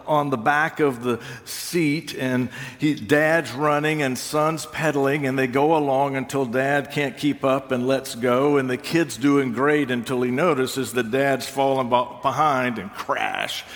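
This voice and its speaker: An older man preaching a sermon, reflective and unhurried, with touches of gentle humor. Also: mid-range voice, steady tone. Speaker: pastor. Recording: long reverb of a large hall.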